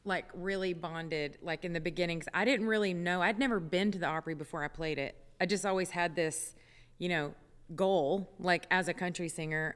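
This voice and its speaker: A woman's voice: lowish voice, moderate pace, fairly bright tone, smooth, in a large hall. A woman singer chatting as a radio interview guest, with many fillers and laughs, in a studio. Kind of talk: casual radio interview chat.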